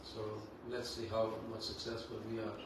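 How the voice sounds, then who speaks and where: A man leading a devotional scripture class, talking in an unhurried, conversational way with many fillers. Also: lowish voice, monotone. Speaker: Bhagavatam class teacher. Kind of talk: devotional class talk with Sanskrit chanting. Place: temple hall. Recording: echoey hall, distant mic, background noise.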